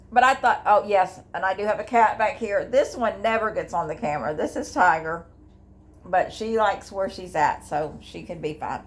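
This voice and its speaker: Older woman, home vlog to camera, earnest and rambling, open about her feelings. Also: mid-range voice. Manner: candid, emotional, rambling with restarts. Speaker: grief vlogger. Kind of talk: candid personal vlog. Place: at home, indoors. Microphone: device camera.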